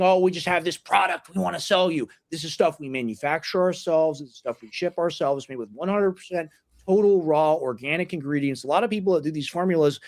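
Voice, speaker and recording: A young man with an American accent hosting a podcast in casual, animated chat with mocking asides. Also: fairly high pitch. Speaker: podcast host.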